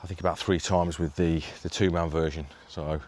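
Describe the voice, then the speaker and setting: Very deep-voiced man chatting outdoors. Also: little pitch movement, moderate pace, darkish tone, slight background noise. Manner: chatty, self-narrating while working one-handed. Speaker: angling vlogger demonstrating gear. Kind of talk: casual demo talk to camera. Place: garden outdoors. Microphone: handheld video camera.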